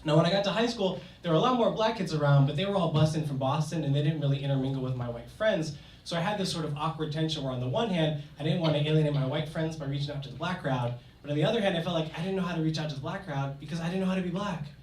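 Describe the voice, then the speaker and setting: A young man tells a true story with comic timing at a live storytelling night. His voice sits slightly high and sounds distant in a roomy hall. Audience noise is heard behind him. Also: very fast. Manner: comic, conversational, animated. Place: stage before a live audience. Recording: echoey hall, mic from afar, audience noise.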